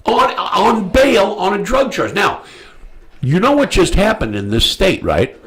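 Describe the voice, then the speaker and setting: A man hosting a radio talk show, telling a story bluntly and crudely, loudly acting out the people in it. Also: high voice, unhurried. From United States. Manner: animated storyteller, acts out quoted voices loudly.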